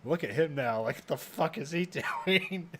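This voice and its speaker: A man's voice: on the high side, lively intonation, measured pace, sharp tone, slight background noise. A man co-hosting a podcast, telling stories in a laughing, irreverent way. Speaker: podcast co-host. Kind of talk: casual chat.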